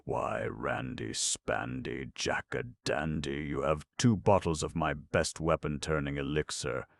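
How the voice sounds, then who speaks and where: A man voicing a little red male djinn wizard, jolly, excitable and fussy in his exclamations. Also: a bass voice, a little slow, creaky, exaggerated voice.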